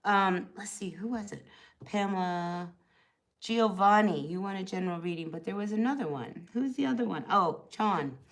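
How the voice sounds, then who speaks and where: A woman's voice: mid-range voice, normal speed, poor audio. A middle-aged woman hosting a live tarot stream, chatting casually and reassuringly with plenty of fillers.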